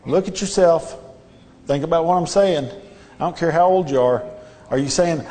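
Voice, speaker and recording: A man's voice: fairly high pitch, normal speed, pauses often, a little mellow. Earnest preacher man in a reverberant church. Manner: earnest, repetitive exhortation with rhetorical questions. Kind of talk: sermon. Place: church sanctuary.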